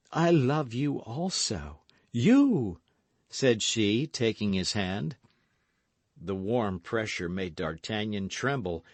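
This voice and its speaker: A man narrating an audiobook of a classic novel in an expressive storytelling manner. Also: fairly low pitch, dry recording. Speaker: audiobook reader. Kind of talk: scripted narration.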